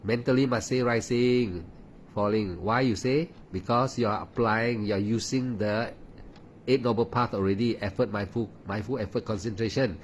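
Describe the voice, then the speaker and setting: A man's voice: on the low side, steady tone, normal speed, a little hiss or hum. A man giving a meditation talk as a teacher, insistent and repetitive, often asking "huh?". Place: at home late at night.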